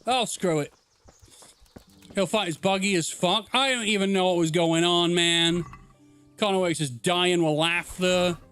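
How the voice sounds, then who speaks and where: A man's voice: high-pitched, fairly even intonation, a little slow, fairly bright tone, clean tone, soft background music. A young man streaming a game, chatting casually and swearing, laughing at the chaos. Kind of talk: casual gameplay commentary.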